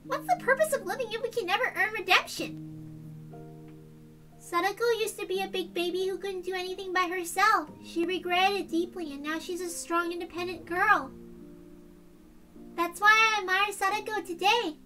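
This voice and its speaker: A woman doing a gentle little girl's voice. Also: extremely high pitch, moderate pace, distant mic, soft background music. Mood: reassuring. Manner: soft, reassuring. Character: young girl, gentle and wise beyond her years. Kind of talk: dramatic visual novel reading.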